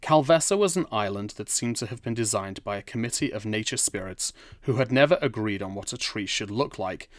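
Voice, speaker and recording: A narrator with a lowish voice reads a scripted fantasy storybook aloud in a dry, wry manner. The recording is dry.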